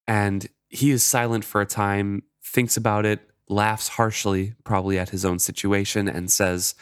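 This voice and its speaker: A man on a podcast walks through a chapter and shares his thoughts, relaxed and considered. His voice sits low. The recording is dry, with no room sound. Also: normal speed, smooth, no echo. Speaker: podcast co-host. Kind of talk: casual chat retelling a book.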